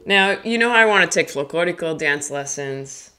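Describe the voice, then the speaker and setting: Comedian in her thirties, rambling and self-deprecating, giggly, lively swooping pitch. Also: moderate pace, smooth. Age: 30s. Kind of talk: casual live-stream chat.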